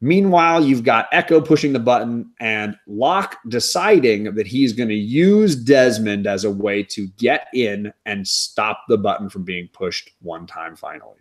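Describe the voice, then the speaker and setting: A man hosting a casual TV recap chat, talking in an animated, wry way with quick asides. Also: on the low side. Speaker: podcast host.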